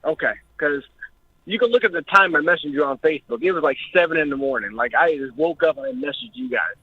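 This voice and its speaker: A young man calls in to a talk show and recounts an experience, emotional and jittery and swearing a lot. His voice sits on the high side, sing-song, fast and slightly rough, coming dry over a tinny phone line.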